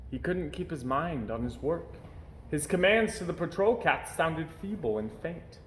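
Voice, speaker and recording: A man reads a children's storybook aloud with expressive storytelling. His pitch rises and falls freely. The room around him sounds roomy. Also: measured pace, a little hiss or hum. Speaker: storybook reader. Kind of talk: children's book read-aloud. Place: home during quarantine.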